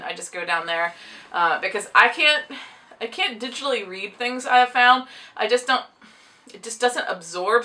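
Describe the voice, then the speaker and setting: On a distant mic, a woman's mid-range, sharp-toned voice rambles casually to camera about her books, with frequent laughter. She chews gum with audible clicking; she's a book vlogger and teaches a book publishing class.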